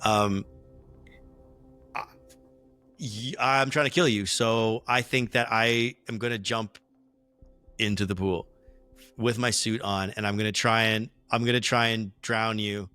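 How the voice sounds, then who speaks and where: A man explaining rules and narrating as game master, relaxed and hesitant with many fillers. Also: on the low side, measured pace, pauses often, clear, resonant tone, no echo, soft background music.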